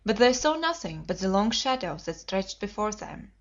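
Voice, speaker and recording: A woman narrates an audiobook from a script in a steady, measured reading. Her voice is medium-pitched, and the recording is dull and lo-fi.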